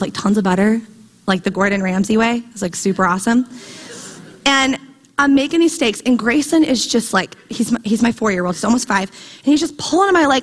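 Animated woman preaching in a hall. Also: medium pitch. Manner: conversational, animated storytelling. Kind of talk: sermon. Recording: long hall reverb.

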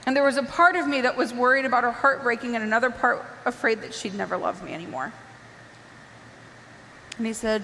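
A woman giving an emotional personal testimony, impassioned and pleading, rising at times to near shouts. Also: a little high, fairly quick, long pauses, long reverb tail, a little hiss or hum.

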